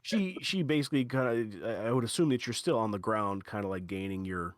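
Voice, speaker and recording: Halting, dry-voiced male game master. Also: fairly low pitch, dry recording. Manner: halting, many fillers and restarts, playful. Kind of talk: narrating a tabletop game.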